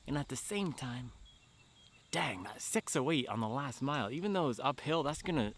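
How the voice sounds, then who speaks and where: Guy vlogging mid-run outside, kinda winded, laughs a lot, talks fast and animated. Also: medium pitch. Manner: animated storytelling, laughing often. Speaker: running vlogger. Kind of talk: casual vlog talk.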